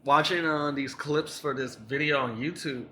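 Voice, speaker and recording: A man co-hosting a casual podcast, joking around in a relaxed, profane way. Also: fairly high pitch, normal speed, a little hiss or hum. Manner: joking, does bad mock accents. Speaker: podcast co-host. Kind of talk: casual chat.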